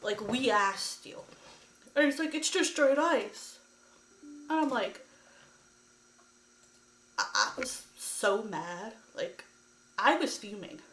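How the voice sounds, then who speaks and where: A woman's voice: medium pitch, lively intonation, takes it slowly, long pauses, background noise. A woman vlogger telling a story to camera in a ranting, exasperated way, with lots of "like" fillers. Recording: echoey room.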